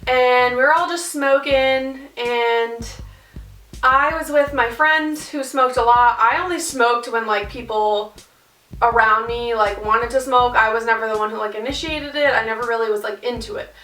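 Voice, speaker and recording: A young woman telling a casual storytime vlog, animated and full of swearing and fillers. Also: fairly high pitch, normal speed, far from the mic, faint music behind. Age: young adult. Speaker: vlogger. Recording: roomy sound, off-mic.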